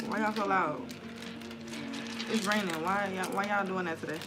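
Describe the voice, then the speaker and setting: Her voice is medium-pitched and steady, moving at a moderate pace, as this tarot reader and spiritual content creator does a casual live stream from home. She chats with viewers in a loose, slangy way and swears freely. Outdoor noise carries in through the open window nearby.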